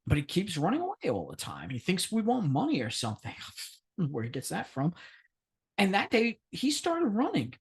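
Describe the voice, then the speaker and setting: A man co-hosts a podcast and tells a long anecdote in casual chat. His voice swings widely in pitch as he acts out each person in the story. He swears freely and laughs as he goes. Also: wildly swooping pitch, moderate pace, vocal fry. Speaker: podcast co-host.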